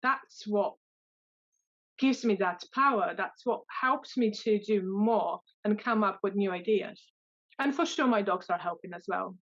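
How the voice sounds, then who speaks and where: A woman's voice: mid-range voice, a little slow, a bit bright, dull audio. A woman dog trainer answering interview questions in a hesitant way, with many fillers and restarts.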